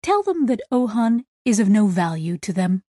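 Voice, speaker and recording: A woman voicing a grave male alien ship's doctor who explains things slowly. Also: medium pitch, very animated, mellow, dry recording, studio quality.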